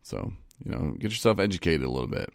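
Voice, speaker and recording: A man in a casual live-stream monologue, halting and repeating words, laughing at himself, and getting choked up. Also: sits low, lively intonation, vocal fry, no room sound, clean studio sound. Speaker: recovery vlogger. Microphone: phone.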